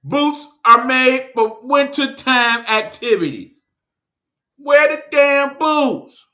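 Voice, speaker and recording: A Detroit man hosts his own show and rants about people's habits. His voice sits high and sounds very bright and sharp. He talks in an unhurried, blunt, scolding way, swearing and joking as he goes. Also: expressive. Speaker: online show host. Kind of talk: casual ranting monologue.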